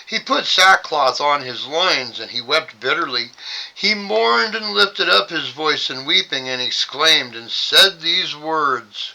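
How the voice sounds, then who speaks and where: A man hosts a Bible study and reads scripture aloud in a very bright, sharp voice. He sits a little high in pitch and breaks the reading with dry, sarcastic side comments. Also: lively intonation, slow pace, creaky, poor audio. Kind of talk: scripture reading with wry asides.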